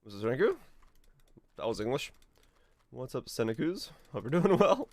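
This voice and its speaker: A man's voice: mid-range voice, moderate pace, no room sound. A man streaming a game, chatting casually and humming to himself, his voice a little off today. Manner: relaxed, hums to himself, chuckles. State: voice a bit off today. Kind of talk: casual gameplay commentary.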